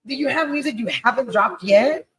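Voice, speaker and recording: A woman co-hosting a casual podcast, who asks eager questions and jumps in with quick interjections. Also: sits high, a bit bright, slightly rough. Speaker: podcast co-host.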